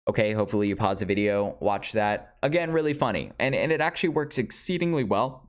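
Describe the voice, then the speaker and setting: A man's voice: on the low side, lively intonation, quick pace. A man teaching speech writing in a casual, conversational lecture over slides, with frequent fillers. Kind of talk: instructional lecture.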